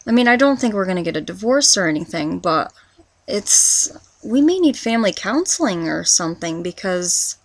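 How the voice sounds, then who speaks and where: A woman in her twenties speaks to the camera in a confessional vlog, at a middle pitch and close to the mic. She rambles and restarts often, and the sound is dry and direct with no room around it. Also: big pitch swings, no echo. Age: 20s. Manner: halting, rambling, with many restarts. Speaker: vlogger.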